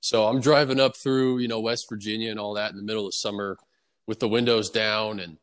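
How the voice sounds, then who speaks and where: Easygoing low-voiced man with reverb. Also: fairly quick. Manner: relaxed, easygoing storytelling with many fillers. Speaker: guest baseball player. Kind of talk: casual interview answers. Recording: long reverb on the voice.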